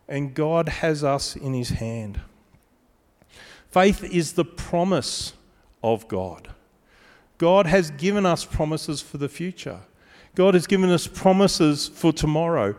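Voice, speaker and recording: A man preaching a sermon, measured and emphatic, slowing down on key phrases and adding dry asides. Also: a little high, darkish tone. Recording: long reverb of a large hall.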